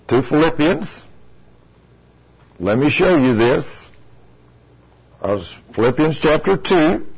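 A man's voice: fairly high pitch, muffled recording. A man preaching a sermon in a folksy, conversational way, asking his listeners questions.

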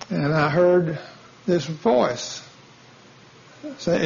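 A high-pitched man preaches in a folksy storytelling manner, acting out every exchange of the conversation. The recording is dull and lo-fi. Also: extremely slow, vocal fry, long pauses, a little mellow. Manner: tells stories acting out dialogue, folksy. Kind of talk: sermon storytelling. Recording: dull lo-fi sound.

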